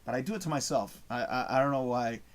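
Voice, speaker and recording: A man's voice: mid-range voice, fast talker, slight background noise. A man hosting a live show, reading out chat messages in a casual, rambling way, swearing often and losing his train of thought.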